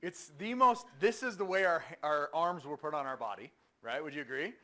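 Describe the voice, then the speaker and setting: A man teaching a university engineering class, talking casually and with energy, often checking in with the students. His voice is bright and a touch higher than most men's. He speaks in a lecture hall. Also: fairly quick. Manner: energetic, conversational, asks the room questions.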